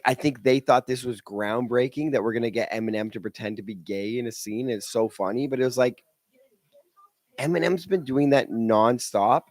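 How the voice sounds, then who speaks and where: A man co-hosting a podcast, talking in a rambling, animated way and acting out other people in quick asides. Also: medium pitch, no room sound, clean studio sound. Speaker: podcast co-host. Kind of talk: casual chat.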